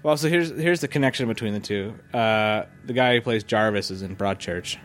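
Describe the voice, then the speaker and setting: A man's voice: lowish voice, normal speed, a little hiss or hum. A man co-hosting a casual chat, joking dryly and laughing often. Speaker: podcast co-host.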